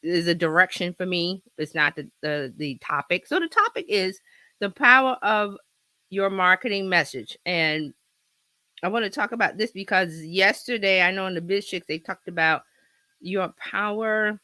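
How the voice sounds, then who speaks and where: A woman's voice: fairly low pitch, lively intonation, moderate pace, bright, forceful tone, dry recording. A woman hosting a casual livestream from her home office, chatty and rambling, with a slight cold in her throat. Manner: chatty, rambling, laughs often. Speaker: host. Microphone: laptop with external mic.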